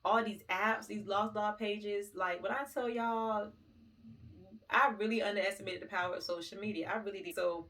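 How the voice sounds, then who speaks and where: A woman tells her viewers a story in a casual vlog, speaking with feeling and often calling them "y'all". Her voice sits at an everyday middle pitch. She is recorded from some distance, so the room comes through. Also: a bit bright. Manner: emotional, addresses viewers as "y'all". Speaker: lifestyle vlogger. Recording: voice set back from the mic.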